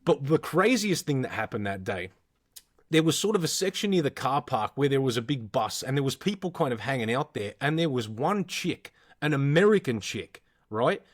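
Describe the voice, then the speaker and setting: An Australian podcast co-host in his thirties speaks at a medium pitch and moderate pace. Chatting casually, he tells rowdy stories with lively energy and nonstop swearing.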